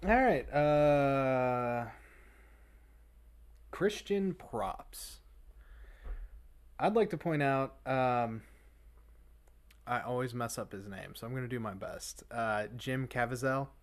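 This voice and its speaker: A man's voice: medium pitch, slow pace, pauses often. Rambling man with lots of fillers. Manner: rambling, many fillers and restarts. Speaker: podcast host. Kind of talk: casual chat.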